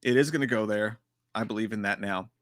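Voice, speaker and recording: A man hosting a live stream, chatting casually and profanely about horror trailers with a joking, animated manner. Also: lowish voice, fairly quick, no echo, studio quality.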